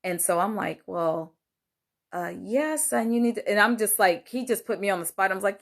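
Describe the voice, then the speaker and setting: An older woman, a grandmother, telling a personal story in a casual monologue, animated and acting out quoted lines, with many fillers. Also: medium pitch, normal speed, gravelly. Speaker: host sharing a personal story.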